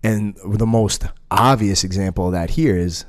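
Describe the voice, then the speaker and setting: A man on a relaxed podcast, talking in a slightly low voice. He rambles and restarts his sentences, drops profanity freely and gets animated as he tells his stories. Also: normal speed. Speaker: podcast co-host, jiu-jitsu school owner. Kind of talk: casual podcast chat.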